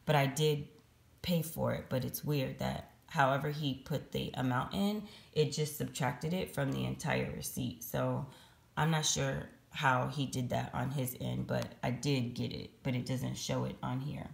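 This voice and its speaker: A woman with a low, deeply gravelly voice, hoarse and raspy from the morning. She chats casually, walking through numbers step by step for her vlog viewers. The sound bounces around an echoey room. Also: steady tone, measured pace. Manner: chatty, talks through receipt math step by step. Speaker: couponing vlogger.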